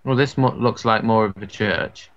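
Low, gravelly, swearing man on a noisy mic. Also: normal speed, a bit bright, dull audio. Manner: sweary, grumbling, mock-exasperated. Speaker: gamer co-host. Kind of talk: casual Minecraft let's-play chat.

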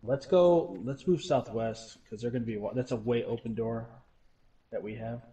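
Relaxed man chatting in squad voice chat. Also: mid-range voice, moderate pace, far from the mic. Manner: chatty, relaxed banter between callouts. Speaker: squad player. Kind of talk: casual gaming voice chat.

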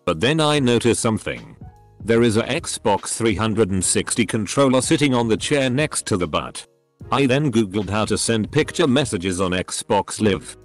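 Man, lowish voice, lively pitch, narrating online stories, spells out abbreviations. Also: normal speed, faint music behind. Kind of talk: reading online stories aloud.

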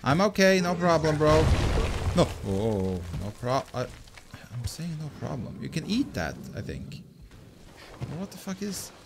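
A man giving let's play commentary, excitable, with loud exclamations and swearing as he plays. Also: a little high, takes it slowly, background noise. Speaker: gameplay commentator.

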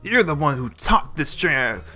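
A man voicing an angry male pirate crewman who yells and scolds with growling pirate cries. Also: a little high, big pitch swings, a little slow, soft background music, pitched above the performer's own voice, heavily acted. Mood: angry scolding.

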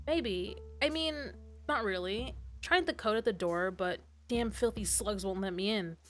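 A woman's voice: mid-range voice, a little slow, fairly bright tone, lightly acted. A woman doing a fierce Southern mama. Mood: desperate. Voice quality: Southern twang. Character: fierce worried middle-aged mother.

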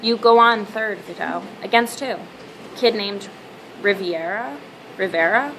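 A woman reading the lines of a brisk gray-haired male fight official, brusque and matter-of-fact. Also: mid-range voice, a bit bright, a little hiss or hum, rough recording.

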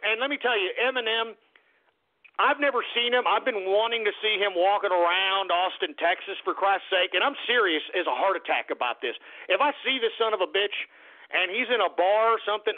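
A middle-aged man hosting call-in talk radio in a blustery, profane, ranting manner. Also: high voice. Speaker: radio host. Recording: tinny phone-like broadcast audio.

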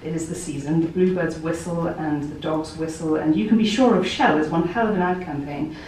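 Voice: mid-range voice, fairly quick, darkish tone, a little hiss or hum. A poet reading a playful prose poem aloud in a wry, conversational way at a library event. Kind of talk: poetry reading. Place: poetry library event room. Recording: very echoey room, distant mic.

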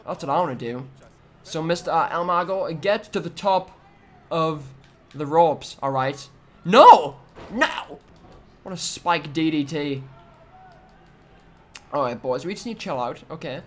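A young man giving excitable let's-play commentary on a wrestling video game, trash-talking the opponent with sudden loud outbursts. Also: fairly high pitch, measured pace, long pauses, slight background noise. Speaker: gaming YouTuber.

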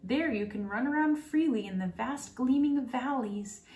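A woman's voice: high voice, moderate pace, dark tone, voice pushed up, close to an everyday voice. A woman voicing a proud reindeer who longs for the snow, in a storybook reading. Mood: longing. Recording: roomy, distant, faint music.

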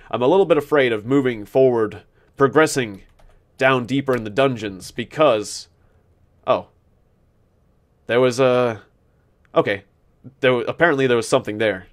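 Rambling man narrating his gameplay. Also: mid-range voice. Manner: rambling, self-mocking, laughs at his own jokes; thinks aloud with many restarts. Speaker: gaming video host. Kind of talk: casual let's-play commentary.

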